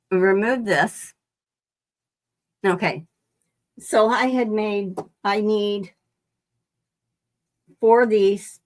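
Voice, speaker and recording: A woman with a mid-range voice hosts a casual live quilting demonstration from her sewing room. She rambles and restarts her sentences while greeting viewers by name.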